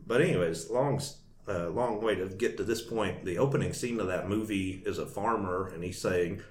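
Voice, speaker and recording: A man's voice: low-pitched, moderate pace. A man chatting as an interview guest, telling a long story with many fillers and frequent laughs. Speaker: guest cartoonist. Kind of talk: casual interview chat. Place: Nashville. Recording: echoey room with faint noise.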